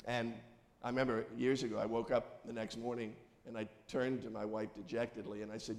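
A man's voice: mid-range voice, level tone, fairly quick, gravelly. A man preaching a conversational sermon, telling homely, humorous stories and putting questions to the congregation. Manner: folksy, humorous storytelling, asks the congregation questions. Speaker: pastor. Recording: long reverb of a large hall.

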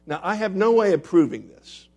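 A man preaching a sermon and telling stories. He moves between loud, dramatic lines and hushed, quiet ones. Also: high voice, sing-song, normal speed, soft background music. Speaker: pastor. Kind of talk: sermon with storytelling.

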